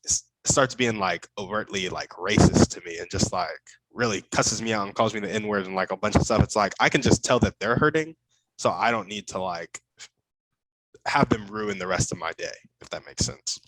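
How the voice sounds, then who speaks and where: A man's voice: fairly low pitch, normal speed, noisy background. A man hosting a podcast interview, upbeat and affirming, asking long, open questions over a video call. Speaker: podcast host. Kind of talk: casual interview chat.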